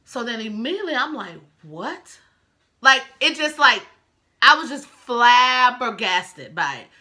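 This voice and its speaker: Young woman vlogger, bright higher voice, chatty and emotional, talks straight to her viewers. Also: lively intonation, moderate pace. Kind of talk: casual storytime vlog.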